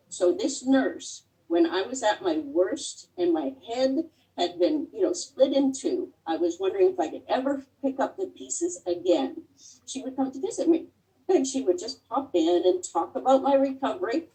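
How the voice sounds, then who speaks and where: A middle-aged woman giving a heartfelt personal talk as a guest speaker over a video call, pausing often with fillers. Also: a little high, dark tone, far from the mic, rough recording. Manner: earnest and heartfelt, with many pauses and fillers.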